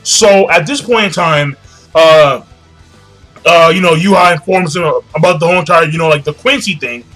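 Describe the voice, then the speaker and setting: A young man in a loose, rambling recap, cursing freely and often doubling back on his words. His voice is high and bright, with a sharp edge. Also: normal speed, soft background music. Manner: rambling, profane, repeats himself. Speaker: manga reviewer. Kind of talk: casual chapter recap.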